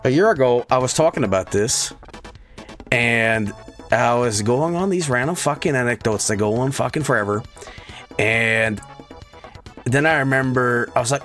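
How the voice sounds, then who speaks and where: A young man streaming live, chatting casually and profanely, rambling through anecdotes and slipping into silly high voices. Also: animated, moderate pace, fairly bright tone, faint music behind.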